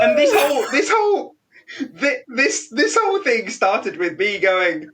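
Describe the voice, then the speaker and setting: A young British man, a podcast host, telling an animated story in casual chat, laughing often and restarting his sentences. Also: sits high, normal speed, far from the mic. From Britain.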